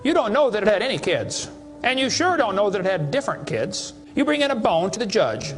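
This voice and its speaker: A man's voice: high voice, very animated, fairly quick, in a large hall, faint music behind. A man giving a creationist seminar lecture to an audience, sarcastic and mocking as he tells stories.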